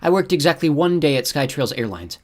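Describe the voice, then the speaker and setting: A man reading an audiobook, voicing a guarded adult woman who speaks softly and cautiously. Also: fairly high pitch, big pitch swings, a little fast, voice pushed up. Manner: soft, cautious and earnest. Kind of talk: audiobook narration.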